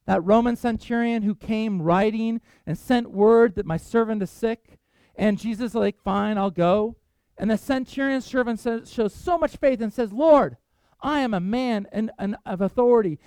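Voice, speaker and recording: A man preaching a sermon in an earnest, conversational way, slowing down to stress key words. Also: high voice, darkish tone, dry recording. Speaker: pastor.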